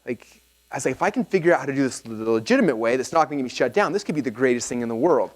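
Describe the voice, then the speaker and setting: Man, fast talker, animated storyteller, seminar speaker, acts out the dialogue. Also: medium pitch. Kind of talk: storytelling talk to a live audience.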